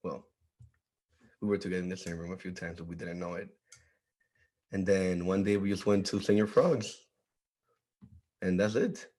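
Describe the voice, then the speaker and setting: A man's voice: low voice, normal speed, pauses often, darkish tone. A man guest on a podcast, speaking briefly in a laid-back, casual way. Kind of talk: casual chat.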